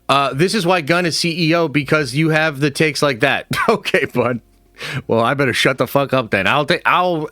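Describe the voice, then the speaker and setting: A man's voice: fairly high pitch, moderate pace, bright, forceful tone, dry recording. A man hosting a livestream, chatting casually, reacting to viewers and swearing freely. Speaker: streamer host. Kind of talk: livestream commentary with chat.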